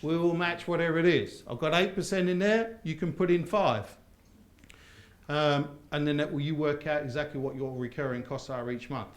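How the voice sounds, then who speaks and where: Here a property course trainer runs a live seminar, drawing call-and-response answers from the audience. He speaks at normal speed in a voice on the high side, and the hall's acoustics come through as roomy.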